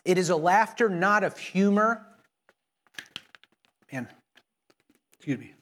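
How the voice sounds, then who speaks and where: A man's voice: sits high, expressive, slow pace, a bit bright. A male pastor preaching an earnest sermon in church, with frequent repeated words and restarts.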